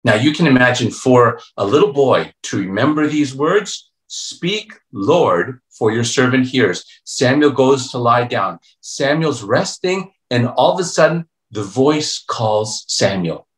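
A pastor preaching a youth revival sermon, telling a story and acting out its voices, playful and joking. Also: male voice, medium pitch, animated, measured pace, hardly any pauses. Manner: storytelling preacher, acts out voices and swings between hushed and loud; playful, calls himself a joker. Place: church sanctuary. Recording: echoey church room.

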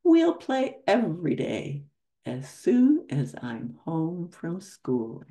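A grandma doing a gentle cheerful young boy. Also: lowish voice, wildly swooping pitch, takes it slowly, exaggerated voice.

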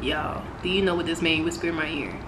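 Young woman vlogger, casual storytime, lively and profane, lower voice, roomy noisy recording. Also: a little fast. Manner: animated, swearing, swings from loud to hushed. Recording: echoey room with noise.

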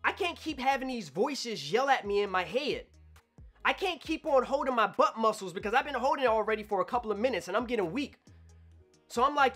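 A man telling a personal story to camera in an animated way, acting out his own past thoughts. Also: very high voice, moderate pace, long pauses, faint music behind. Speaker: vlogger.

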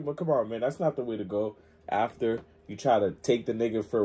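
A man's voice: mid-range voice, a little fast, mellow, slightly rough. A man hosting a reaction video, commenting emphatically in slang.

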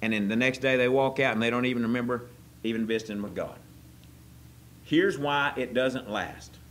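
A man preaching a sermon as pastor, folksy and joking, swinging from quiet asides to loud excited bursts. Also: mid-range voice, normal speed, slight background noise. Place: church service.

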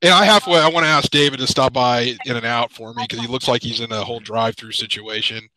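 A man in a podcast video call, talking haltingly with many pauses and fillers, choked up with emotion. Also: mid-range voice, fairly even intonation, pushed and bright, dry recording, poor audio. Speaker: podcast panelist. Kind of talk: emotional casual chat. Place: home.

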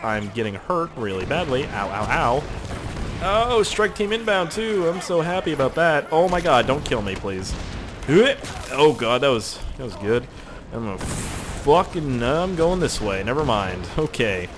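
A man giving excitable, joking, profane running commentary while playing a video game. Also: mid-range voice, measured pace, noisy background. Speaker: gaming commentator. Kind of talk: let's play commentary.

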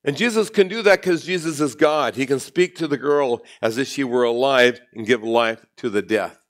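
Animated preaching man. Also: normal speed. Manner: animated preaching with sudden jumps in pitch and volume. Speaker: pastor. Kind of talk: sermon. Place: church.

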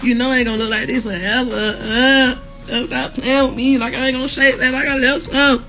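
A woman's voice: sits high, flat delivery, brisk, a bit bright, soft background music. Blunt woman in pain, laughing and cursing. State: in pain, near tears. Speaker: livestreamer reading viewer comments. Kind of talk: casual live chat with viewers. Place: hospital room.

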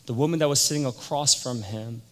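A male pastor preaching a sermon and telling a story, acting out the voices and swinging from loud to hushed. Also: mid-range voice, brisk. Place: church sanctuary. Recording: echoey church hall.

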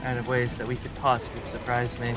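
A man's voice: mid-range voice, completely flat delivery, fast talker, music in the background. Sarcastic male co-host bantering. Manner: sarcastic, argumentative. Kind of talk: joking let's play banter.

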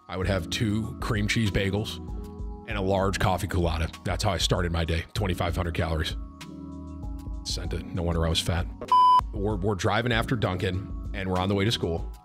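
A man streaming and casually telling a story to his viewers, rambling, repeating words and swearing as he mocks himself. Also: low-pitched. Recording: music playing underneath. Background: background music.

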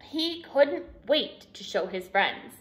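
A woman from a school staff reading a picture book aloud to children in an expressive, animated way. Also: high-pitched, slow pace.

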